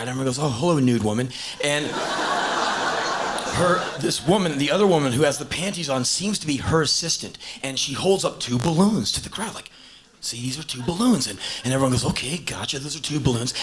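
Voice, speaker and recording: A man in his thirties performs a punchy, blunt stand-up routine on a big venue's stage, slipping into acted voices now and then. The live tape is hissy, and his voice is mid-range with a fairly bright tone.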